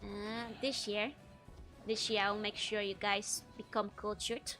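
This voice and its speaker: A woman's voice: mid-range voice, steady tone, takes it slowly, bright, forceful tone, soft background music. A young woman with a Dutch accent, chatting casually while streaming a game and laughing often between sentences. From Netherlands. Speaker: VTuber streamer. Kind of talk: casual gameplay chat with chat readers.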